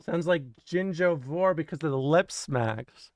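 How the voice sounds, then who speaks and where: A streamer chatting casually with viewers, rambling and laughing, often trailing off to quiet mumbles. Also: medium pitch, a little slow, no echo. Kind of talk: casual live stream chat.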